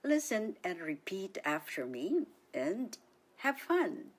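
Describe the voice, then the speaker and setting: Woman radio language teacher, cheerful and sing-song, very slow and carefully enunciated, with a lively pitch that rises and falls.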